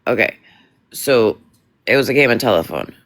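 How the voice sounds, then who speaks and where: A man hosts a live stream and calmly steps in to mediate a heated argument. His pitch moves a lot, and the sound is dry and close to the mic. He keeps telling the others to hold on. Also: moderate pace, dry recording. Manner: calm, mediating, tells speakers to hold on. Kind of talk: moderating a live stream dispute.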